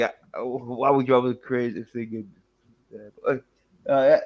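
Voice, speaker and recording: A man's voice: mid-range voice, fairly even intonation, moderate pace, darkish tone. A British man hosting a livestream, chatting loosely and rambling with a lot of swearing. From Britain. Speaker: livestream host. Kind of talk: casual chat.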